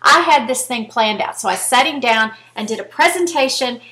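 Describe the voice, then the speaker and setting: A woman's voice: fairly high pitch, lively intonation, normal speed, pushed and bright. Chatty woman in her fifties. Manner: chatty, earnest storytelling, addresses viewers directly. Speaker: vlogger. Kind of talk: casual chat to camera.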